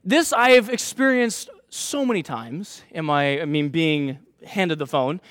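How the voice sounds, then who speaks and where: High-voiced, chatty young pastor. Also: male voice, a little slow, no room sound, clean studio sound. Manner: chatty, animated, self-mocking storyteller. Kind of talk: sermon with a personal story.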